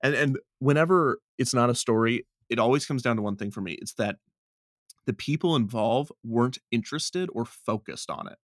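A man's voice: mid-range voice, moderate pace, dry recording, studio quality. Laughing, rambling man in casual chat. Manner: rambling, animated, laughs often. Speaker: video creator and podcast host. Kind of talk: casual conversation.

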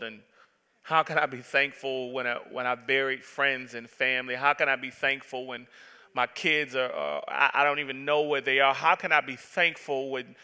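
A man's voice: mid-range voice, steady tone, moderate pace, pushed and bright, smooth. A man in his thirties, a pastor preaching a sermon with impassioned, emphatic repetition. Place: church sanctuary. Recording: long reverb of a large hall.

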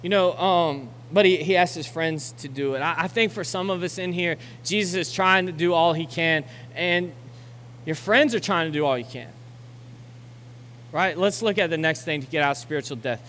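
A young adult man preaches a sermon in a church auditorium, his voice set fairly high. He climbs into loud, urgent exhortation, then eases into a quiet, reflective close. Long hall reverb trails each phrase over faint background noise. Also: moderate pace. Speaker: pastor.

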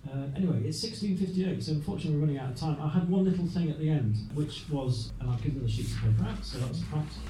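A man's voice: a little high, racing, hardly any pauses, dark tone. A man hosting a live show, chatting as he reads facts from his notes. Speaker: host. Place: live venue. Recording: echoey room, from far off with faint noise.

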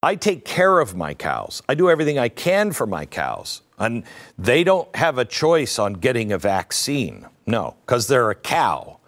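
A man's voice: mid-range voice, wildly swooping pitch, measured pace, fairly bright tone. A middle-aged man hosting an opinion talk show, speaking in a sardonic, conversational way with self-mocking asides. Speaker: host.

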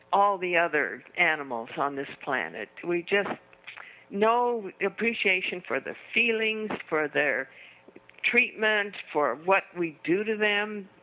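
Older woman, dull lo-fi sound. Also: on the low side. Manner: earnest, animated when telling stories. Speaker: guest author. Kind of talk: storytelling in a conversation.

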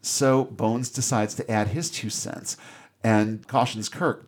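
A man's voice: on the low side, steady tone, takes it slowly. Sarcastic man recapping a film. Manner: sarcastic, irreverent. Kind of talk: casual commentary recapping a film.

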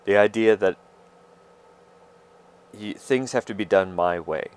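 Low-ish guy rambling on his podcast, lots of uhs and restarts, kinda confessional. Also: clear, resonant tone. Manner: halting, many fillers and restarts, confessional. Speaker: podcast host. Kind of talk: rambling personal monologue.

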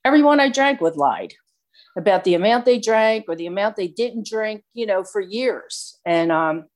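A woman spins a personal story in an easy, conversational way. She talks in an animated, chatty run, leaning on "you know" and "like" as she goes, in a voice of middling pitch. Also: normal speed. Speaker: speaker sharing a recovery story.

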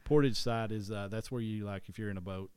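Man, East Tennessee accent, low voice, casual history chat, rambling, self-correcting. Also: steady tone, fast talker, a little mellow, smooth, no echo. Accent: East Tennessee Southern.

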